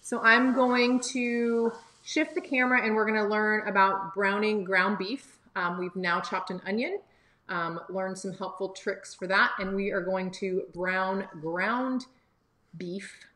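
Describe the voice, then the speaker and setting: A woman's voice: medium pitch, fairly even intonation, a little slow, sharp tone, roomy sound. A woman hosting a live cooking lesson for kids from a home kitchen, chatty and encouraging as she talks to viewers. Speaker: cooking teacher and livestream host. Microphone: phone or camera on livestream.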